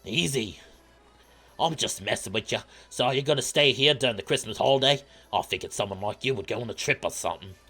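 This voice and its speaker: A man voicing a big, brawny male shark dockworker with an attempted Welsh accent, teasing in a rough, jokey way in a game playthrough. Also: mid-range voice, a little fast, pushed and bright, faint music behind.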